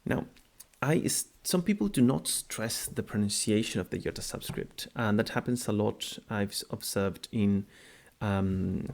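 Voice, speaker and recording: A man teaching a language lesson, speaking unhurriedly and repeating words slowly to model their pronunciation. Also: fairly low pitch, vocal fry, a little mellow. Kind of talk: explanatory video lesson.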